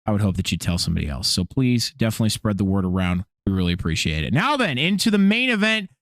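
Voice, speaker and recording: A male podcast co-host chatting loosely and goofily, his pitch leaping up and down as he gets excited. He swears and trips over his own sentences. The sound is dry and close to the mic. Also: fast, no echo. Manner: goofy, animated, swearing, trailing off into restarts. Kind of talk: casual podcast chat.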